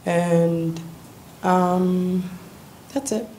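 A woman visiting a church, giving a tearful, halting personal testimony with nervous laughs. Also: lowish voice, steady tone, warm tone, slight background noise.

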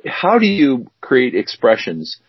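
A man's voice: mid-range voice, huge pitch swings, slow pace, husky, dry recording. A man co-hosting a podcast, chatting casually and rambling with fillers and restarts. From United States. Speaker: podcast co-host. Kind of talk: casual chat. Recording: dry, dull lo-fi sound.

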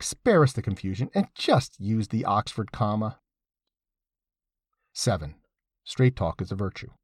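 A man's voice: medium pitch, darkish tone, slightly rough, dry recording, clean studio sound. A man reading his own essay aloud, with wry, sardonic asides and an emphatic delivery. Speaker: essay reader.

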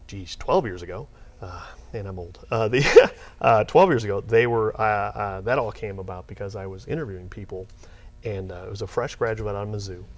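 A middle-aged man, a software company owner telling stories in a casual interview, rambling and getting worked up as he goes. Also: on the low side. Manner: rambling, animated, gets worked up retelling.

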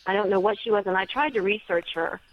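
Woman guest author, earnest storyteller, mid pitch, dull lo-fi sound. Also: quick pace, no room sound. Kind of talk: storytelling in an interview.

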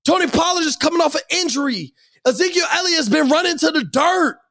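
A young man rants about sports in a heated, profane way, hammering his points. His voice sits very high and crackles with gravelly fry. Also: expressive, fast, fairly bright tone. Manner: angry, profane, emphatic ranting. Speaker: sports commentator.

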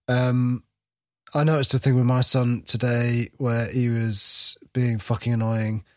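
A man's voice: medium pitch, level tone, a little slow. Rambling, hesitant man. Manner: rambling, hesitant, self-mocking. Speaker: podcast co-host and producer. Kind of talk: casual banter.

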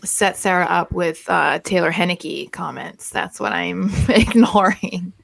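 Woman co-hosting a sports podcast, low gravelly voice, chatty and giggly. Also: unhurried. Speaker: podcast co-host. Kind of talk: casual live-stream chat.

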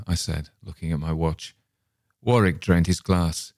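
A man hosting a show, reading a horror story aloud in a measured, dramatic way. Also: low voice, steady tone, gravelly, no room sound, clean studio sound. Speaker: host and reader.

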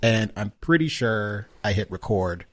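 Wry, self-mocking podcast host. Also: male voice, lowish voice, animated, measured pace, no room sound. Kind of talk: casual chat.

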